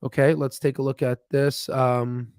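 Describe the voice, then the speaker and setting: Casting note: male stock-stream host, middle pitch, loose and rambling, dry close sound. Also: level tone, a little slow, darkish tone, clear, resonant tone, no room sound. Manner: rambling, filler-heavy, thinks aloud with restarts. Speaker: stock market livestream host. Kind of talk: casual live chat while reading charts.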